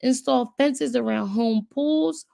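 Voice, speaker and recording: A woman's voice: high-pitched, takes it slowly, creaky, dark tone, no echo. A woman hosting a casual video, thinking aloud as she browses and reads web pages aloud to her viewers, with frequent fillers. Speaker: channel host. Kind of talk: casual commentary while browsing and reading aloud.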